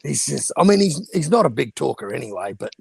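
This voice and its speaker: A man's voice: mid-range voice, sing-song, brisk, gravelly, darkish tone. A man chatting casually about boxing in a blunt, laid-back way.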